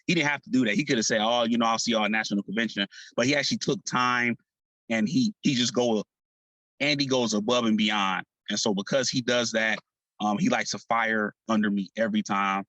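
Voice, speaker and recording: A man's voice: fairly low pitch, fairly even intonation, normal speed, bright, forceful tone, dry recording, rough recording. A man on a team call, fired up and casual, often laughing and trailing off mid-sentence.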